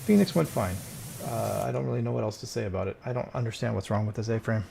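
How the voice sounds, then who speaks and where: A man's voice: lowish voice, quick pace, creaky, warm tone, a little hiss or hum. A man streaming a cleaning game, muttering and exasperated as he talks to the game, in casual gameplay commentary.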